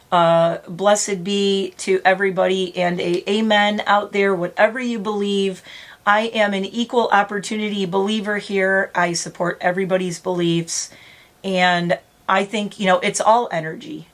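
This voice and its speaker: A middle-aged woman vlogging casually, rambling and close to tears, laughing through emotion. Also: fairly low pitch. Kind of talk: emotional casual vlog talk.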